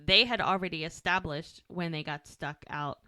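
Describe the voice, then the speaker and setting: Bright-voiced woman podcast co-host. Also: fairly low pitch, normal speed, no room sound, studio quality. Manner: animated, acts out characters' lines. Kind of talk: casual rewatch chat.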